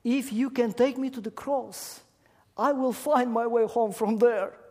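A man's voice: very high voice, fairly even intonation, a little slow, a little mellow, pitched above the performer's own voice, heavily acted. A man putting on a lost, crying little girl. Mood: hopeful. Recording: echoey hall.

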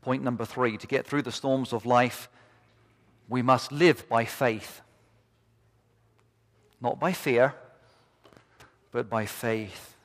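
Slow impassioned preacher in a reverberant hall. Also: male voice, medium pitch. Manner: impassioned, rising to fervent repeated cries. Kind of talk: sermon. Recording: long reverb of a large hall.

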